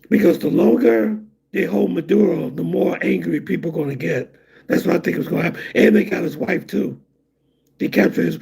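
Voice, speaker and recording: Gravelly, husky man chatting casually. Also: high voice, darkish tone. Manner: rambling, conversational, drawn-out asides. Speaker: vlogger reading chat comments. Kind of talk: casual live-stream chat.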